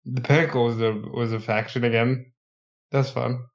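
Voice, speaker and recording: A man co-hosting a casual wrestling podcast, talking with excitement and acting out the wrestlers he quotes. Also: medium pitch, normal speed, dull audio. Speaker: podcast co-host.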